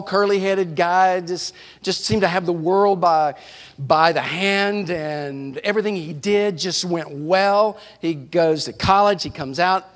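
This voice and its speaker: A man pastor preaching a sermon in a church, telling stories with animated delivery. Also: high-pitched. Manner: animated storytelling preacher, shouts playful whoops. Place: church sanctuary. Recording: church hall reverb.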